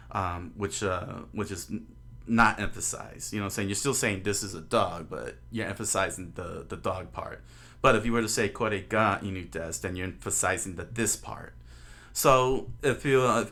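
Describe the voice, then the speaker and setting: A man with a lowish, fairly bright voice teaches Japanese grammar on a livestream. He rambles casually, with plenty of fillers and restarts, drawing on a board as he talks.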